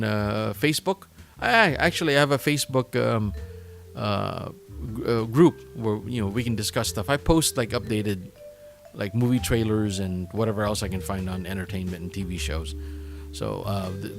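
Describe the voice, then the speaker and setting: A man's voice: on the low side, moderate pace, creaky. Man, podcast host, worn-out voice, rambling, lots of fillers, self-mocking, faint music behind. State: worn-out voice after a long recording. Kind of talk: casual solo podcast sign-off.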